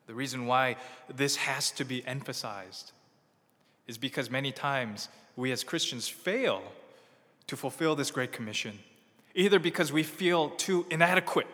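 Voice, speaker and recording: A man's voice: medium pitch, unhurried, pushed and bright, in a large hall. A man preaching a sermon as a pastor, earnest and emphatic, asking rhetorical questions and answering them.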